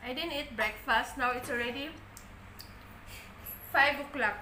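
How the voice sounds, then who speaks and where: A woman's voice: sits high, unhurried, noisy background. A woman from the Philippines, chatting casually to camera for her home mukbang vlog in simple, plain-spoken phrasing. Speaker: family vlogger. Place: noisy family home. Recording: echoey room at home. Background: cutlery and dish clatter.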